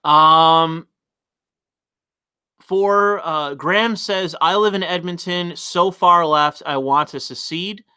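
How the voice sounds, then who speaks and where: Blunt, bright-voiced male livestream host. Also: a little high, slow, clean tone, dry recording. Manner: blunt, reads chat messages aloud, frequent fillers and restarts. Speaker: livestream host reading chat. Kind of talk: casual livestream commentary.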